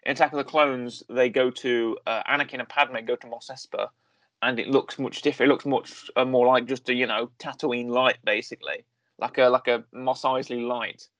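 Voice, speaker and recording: A man's voice: mid-range voice, steady tone, moderate pace, a bit bright, dry recording. Rambling man in casual review chat. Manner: rambling, self-correcting, lots of fillers. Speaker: podcast host reviewing a series.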